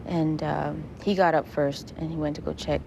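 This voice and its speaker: A woman giving an emotional interview, speaking haltingly and repeating her words. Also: sits low, level tone, vocal fry, background noise. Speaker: interviewee recounting her past.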